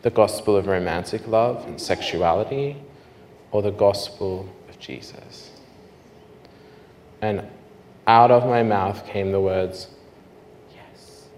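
A man preaching his testimony as a lively storyteller who often drops to hushed, slow tones. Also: on the low side. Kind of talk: sermon testimony. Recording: reverberant hall, faint noise.

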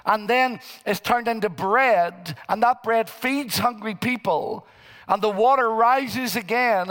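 A man's voice: high voice, a bit bright. A man preaching a sermon in a church, reading scripture aloud with emphasis. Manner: preaching slowly, rising into emphatic quoted scripture. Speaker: pastor. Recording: church hall with long reverb.

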